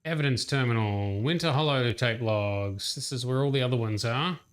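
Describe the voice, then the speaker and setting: This man offers casual gameplay commentary on a livestream, chatting and thinking aloud as he plays. He speaks at normal speed in a mid-range voice, with a little hiss or hum in the audio.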